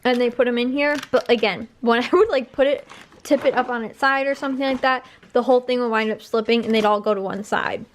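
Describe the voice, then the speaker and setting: A woman's voice: fairly high pitch, fairly even intonation, fast talker, slight background noise. A young woman chatting casually in a home vlog, rambling with lots of fillers and repeats. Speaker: vlogger. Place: home at night.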